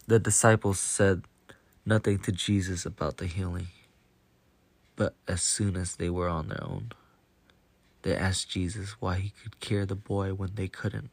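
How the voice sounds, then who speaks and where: A man narrating a Bible story in a slow, even, deliberate reading. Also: deep voice, no echo.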